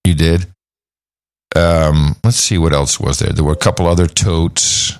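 A man's voice: a bass voice, steady tone, measured pace, no echo, clean studio sound. A man co-hosting a podcast, chatting casually and rambling a little with fillers. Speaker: podcast co-host. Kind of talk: casual chat.

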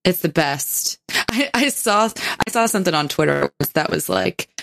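A young woman co-hosts a casual podcast, talking in a slightly low voice with a chatty, sarcastic edge. She laughs easily. The sound is dry and close, with no room around it. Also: animated, moderate pace, creaky, fairly bright tone, dry recording. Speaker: podcast co-host. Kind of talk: casual chat.

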